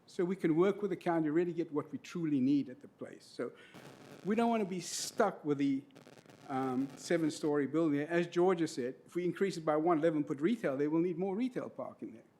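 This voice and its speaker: A middle-aged man speaks into a podium microphone at a county meeting. He talks in an earnest, emotional way and lays out details, and his voice sits a little high for a man. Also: fairly quick, dark tone, slight background noise. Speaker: public commenter, trustee of local business property. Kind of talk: public comment at a county meeting. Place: county board meeting room.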